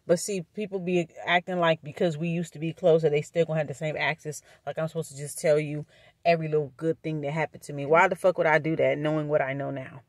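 A woman vlogger telling a storytime, talking bluntly and profanely with animated energy. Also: sits low, quick pace, dry recording. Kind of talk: storytime vlog.

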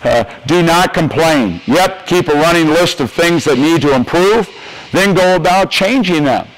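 With lively intonation and an unhurried pace, an older man from the United States delivers a motivational coaching talk at a coaches clinic. His voice sits a little high, and he's emphatic and folksy, pressing points by repeating them, all on poor audio.

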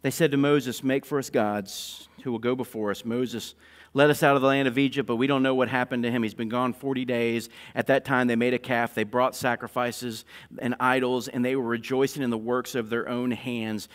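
A male pastor preaching a sermon, swinging between loud, fervent declarations and hushed, intense passages. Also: mid-range voice, level tone, fairly quick, clear, resonant tone. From North Carolina, USA.

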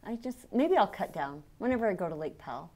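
A woman's voice: mid-range voice, sing-song, fast, dark tone. A woman co-hosting a talk show, chatting casually and laughing easily. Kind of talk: casual chat.

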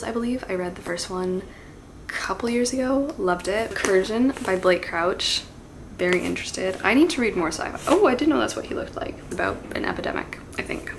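A woman chatting casually at home as a booktube vlogger, gushing and excitable, with gasps and soft asides. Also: mid-range voice, creaky, background noise. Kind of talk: casual unboxing chat.

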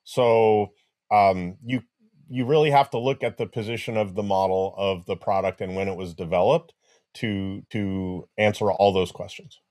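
A man's voice: on the low side, fairly even intonation, normal speed, darkish tone. A man presenting on a live webinar over a video call, answering viewer questions conversationally with small restarts and dry jokes. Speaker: webinar presenter for an audio brand.

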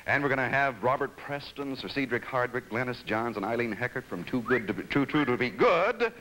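A man hosting a 1960s television game show, bantering quickly and joking with the players. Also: medium pitch, expressive, sharp tone, slight background noise, poor audio. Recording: 1960s TV studio audience. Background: studio audience.

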